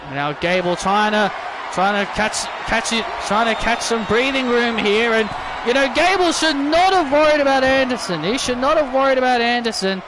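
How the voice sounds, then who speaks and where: A man doing excitable play-by-play wrestling commentary over a video game, repeating himself and bursting into shouts. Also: very high voice, moderate pace, a crowd in the background, noisy background.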